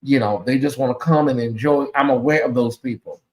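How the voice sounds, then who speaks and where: A man hosting a casual livestream, talking straight to his viewers in a sassy, animated way, thanking supporters and teasing his critics. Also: mid-range voice, fairly quick. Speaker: livestream host.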